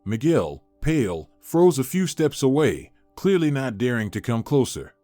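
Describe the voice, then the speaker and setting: A man narrating a dramatic story in a measured, scripted reading. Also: mid-range voice, very animated, dark tone, dry recording. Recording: dry close recording with faint music.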